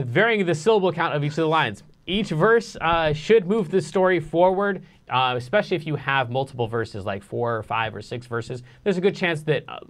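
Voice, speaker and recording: Relaxed male songwriting teacher. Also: mid-range voice. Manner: relaxed, explanatory, many fillers. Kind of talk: casual one-on-one lesson.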